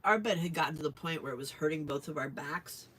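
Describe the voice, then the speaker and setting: A woman's voice: low-pitched, fast talker, fairly bright tone, husky. Woman, crafting livestream host, casual rambling chat, talks while working, laughs often.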